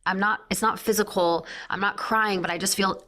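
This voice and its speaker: A woman's voice: medium pitch, fairly even intonation, normal speed, a bit bright. A woman in her thirties, a breathwork founder chatting as a guest, full of "like" fillers. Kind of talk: casual interview chat.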